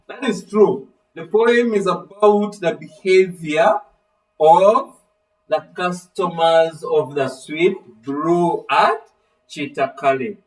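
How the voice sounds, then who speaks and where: A man's voice: high-pitched, far from the mic, rough recording. A man teaching a literature lesson, calling on students by name and asking fill-in-the-blank questions. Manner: animated, acts out voices of characters. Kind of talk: live online literature lesson.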